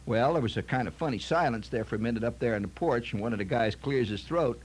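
A man's voice: medium pitch, quick pace, breathy edge. A man telling a comic story in a folksy, rambling way, often stammering and repeating himself. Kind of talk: comic anecdote monologue.

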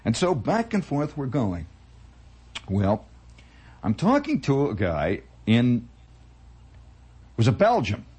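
A man's voice: mid-range voice, wildly swooping pitch, takes it slowly, pauses often, mellow, husky. A man telling a rambling story as a spoken monologue, with chuckling asides.

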